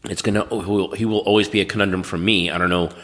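Middle-aged guy telling stories on a podcast, kinda low voice, keeps clearing his dry throat, lots of reverb. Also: fast. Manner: animated storyteller, acts out quotes. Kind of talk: casual chat.

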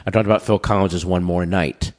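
A middle-aged man chatting casually, telling stories and acting out quotes, with a dry voice and frequent throat-clearing. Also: deep voice, brisk, long reverb tail. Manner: animated storyteller, acts out quotes. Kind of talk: casual chat.

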